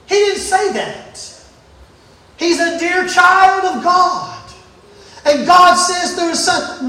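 A man preaching a sermon in a church, swinging from shouting to hushed near-whispers, with playful asides. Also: very high-pitched, expressive, a little slow. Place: church sanctuary. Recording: very echoey room, mic at a distance.

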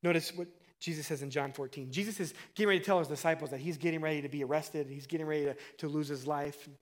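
Animated preacher man, slightly high voice. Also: fast talker. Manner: animated, conversational preaching with dramatic swings in loudness. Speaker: pastor. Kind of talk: sermon.

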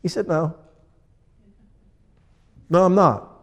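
A man preaching a sermon as pastor, acting out people in little scenes with lively energy. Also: fairly high pitch, slow pace, in a large hall. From USA.

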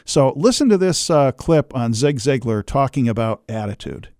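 A man hosting a radio broadcast, introducing a clip in a relaxed, halting way. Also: medium pitch, no room sound, clean studio sound. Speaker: radio host.

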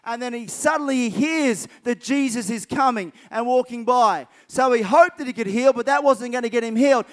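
A man's voice: very high voice, normal speed, hardly any pauses, a bit bright, smooth. A man preaching a sermon, retelling Bible stories vividly and repeating key phrases for emphasis.

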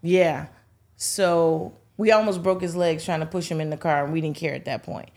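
The host's mother, a middle-aged guest on a talk show, has a deep voice and talks at normal speed. She's casually recounting funny stories about her family, lively and acting out everyone's voices.

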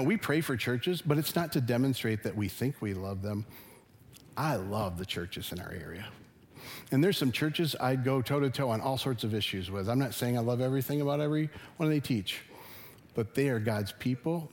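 Earnest middle-aged male pastor preaching. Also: on the low side. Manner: earnest, conversational preaching with rising emphasis. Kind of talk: sermon. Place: church sanctuary.

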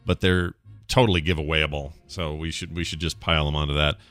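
A man's voice: a bass voice, level tone, brisk, fairly bright tone. A man hosting a casual call-in podcast, chatty and jokey, laughing often. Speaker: podcast host. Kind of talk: casual call-in show chat.

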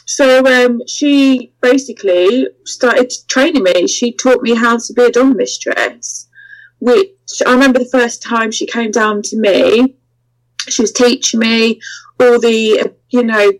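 Guest spot: high-pitched woman, lively and candid, acts out every voice in her anecdotes. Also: unhurried, rough recording. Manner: animated, acts out quoted voices, laughs through the story. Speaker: interview guest. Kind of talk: candid storytelling in a podcast interview.

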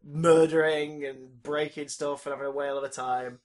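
A man's voice: on the high side, normal speed. A man chatting casually, retelling a film with lots of energy and swearing now and then. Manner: animated retelling, acts out scenes, swears casually. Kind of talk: casual chat.

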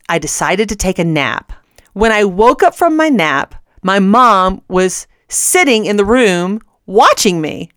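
A woman's voice: mid-range voice, fairly bright tone, clear, resonant tone, no room sound, studio quality. A middle-aged woman hosting a Christian radio show, telling a personal story earnestly and often laughing mid-sentence.

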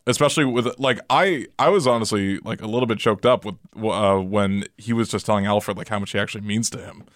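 A man's voice: fairly low pitch, fairly quick, no echo, studio quality. A man chatting casually about a movie, rambling with lots of fillers and restarts.

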